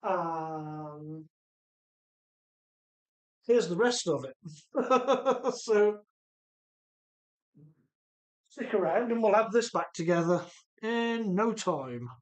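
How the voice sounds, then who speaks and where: A man's voice: high voice, lively intonation, extremely slow, long pauses. Casual streamer host, male, Midlands-Welsh blend of accent, easygoing chat read straight off the comments. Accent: mix of English Midlands and Welsh. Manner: chatty, reads viewer comments aloud while rebuilding an RC car. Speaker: livestream host.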